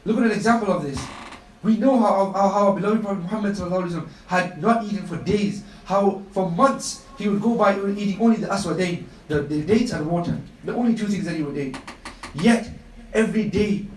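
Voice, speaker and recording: A man with a high voice gives a religious talk live on the radio, telling his stories with passion and repeating phrases for emphasis. He sounds set back from the mic in an echoey room. A faint hiss sits under the voice. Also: quick pace, distant mic. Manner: impassioned storytelling with emphatic repetition. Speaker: Islamic speaker on a radio show.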